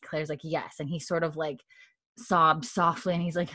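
A woman recapping a TV episode in casual chat, quoting characters' lines in a hushed voice and saying "like" a lot. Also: little pitch movement, normal speed, no echo, clean studio sound. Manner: retells dialogue in a hushed, lowered voice with frequent "like". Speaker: podcast co-host recapping a TV episode. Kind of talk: casual chat, retelling scenes with quoted lines.

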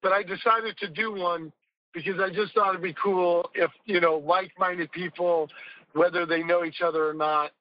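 A man's voice: sits high, fairly even intonation, normal speed, highs cut off. A man speaking as a podcast guest, telling rambling, emphatic stories in casual conversation and swearing now and then.

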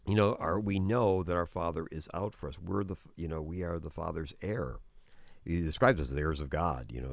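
A man with a very deep voice explains things at length, earnest and conversational. He often restarts his sentences while he thinks aloud. The sound is dry and close to the mic. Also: no echo. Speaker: guest teacher on prayer. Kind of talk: conversational religious teaching.

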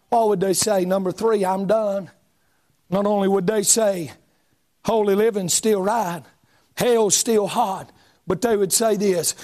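A man preaching a fiery revival sermon in a church, with a chanting, shouting cadence full of uh fillers. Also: high-pitched, unhurried. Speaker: pastor. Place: church sanctuary.

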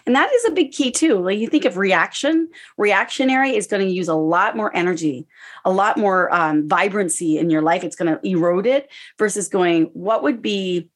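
Animated woman talking about stress. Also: mid-range voice, moderate pace. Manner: animated, acts out inner dialogue in quotes. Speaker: guest speaker on stress. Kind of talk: casual podcast conversation.

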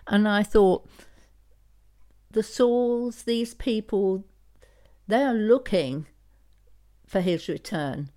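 A woman on a faith podcast, telling a story reflectively with many pauses and restarts. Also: medium pitch, mellow. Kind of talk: casual faith podcast discussion.

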